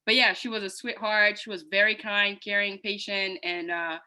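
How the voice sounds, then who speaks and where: A woman speaking English as a second language, sharing her college experience on a panel in a soft, hesitant way with many fillers. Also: mid-range voice, fairly even intonation, normal speed, rough recording. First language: not English. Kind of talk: casual personal account. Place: video call.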